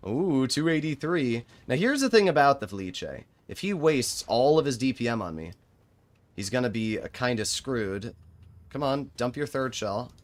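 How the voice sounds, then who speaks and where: A man's voice: medium pitch, expressive, normal speed. Sarcastic young man streaming a tank game. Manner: exasperated, sarcastic, talks to chat and team. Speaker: gaming streamer. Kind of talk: live gameplay commentary.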